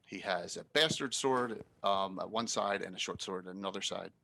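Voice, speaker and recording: A man's voice: low voice, moderate pace, vocal fry, pushed and bright. A man narrating his character in a tabletop game, casual and laughing. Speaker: player. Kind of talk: tabletop role-play narration.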